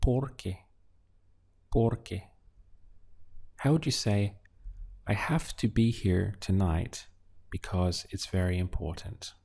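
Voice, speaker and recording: Male teacher, slow and gravelly, steady drill-and-answer delivery. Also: low voice. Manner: prompts a phrase then answers it slowly, word by word. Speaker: language teacher. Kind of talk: slow drill-style language lesson.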